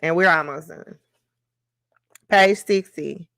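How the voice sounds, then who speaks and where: A woman hosts a live-streamed book club, talking slowly and taking her time between thoughts. Her voice is bright and forward, and she sounds reflective and openly emotional, with plenty of fillers and pauses. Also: fairly low pitch, creaky.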